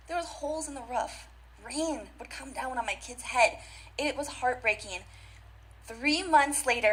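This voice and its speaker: A woman's voice: fairly high pitch, fairly bright tone, rough recording. Emphatic woman giving a motivational talk. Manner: emphatic, repeats key phrases, addresses audience directly. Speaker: conference speaker. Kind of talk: motivational speech. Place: conference stage.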